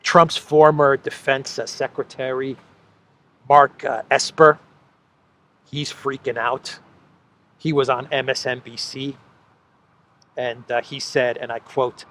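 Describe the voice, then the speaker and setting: A man's voice: medium pitch, level tone, slow pace, pauses often, fairly bright tone. A man hosting a solo political commentary show, talking sarcastically and repeating phrases for effect.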